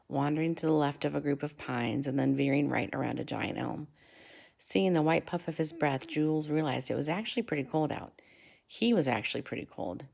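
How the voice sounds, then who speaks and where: A woman reading a children's novel aloud in a measured way, slowing and dropping to a hush for effect. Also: sits low, gravelly. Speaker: reader.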